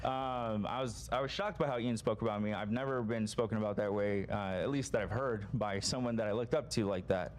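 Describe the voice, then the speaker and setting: A man's voice: on the low side, fairly quick, few pauses. Earnest, hesitant man with faint background hiss. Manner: earnest, profane, hesitant, frequent ums. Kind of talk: emotional podcast statement.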